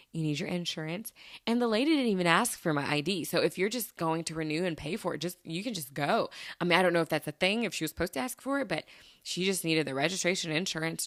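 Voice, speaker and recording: A woman's voice: lowish voice, fairly bright tone, no echo, studio quality. A young woman chatting solo on her podcast, rambling with lots of fillers and giggles. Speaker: podcast host. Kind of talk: casual solo chat.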